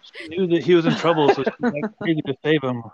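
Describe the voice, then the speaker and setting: A man co-hosting a casual podcast, making dry jokes in halting phrases. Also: fairly high pitch, lively intonation, darkish tone. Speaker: podcast co-host. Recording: dull, lo-fi.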